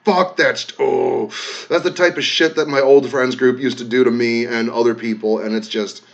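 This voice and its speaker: A man casually talking to his viewers, reading comments aloud, emotional and swearing freely, swinging from loud outbursts to soft, quiet thanks. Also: mid-range voice, fairly even intonation, normal speed, muffled recording. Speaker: content creator reading comments.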